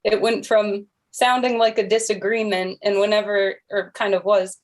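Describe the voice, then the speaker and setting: A woman co-hosting a casual livestream chat, speaking in an earnest, gentle and slightly self-conscious way. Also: medium pitch, little pitch movement, moderate pace.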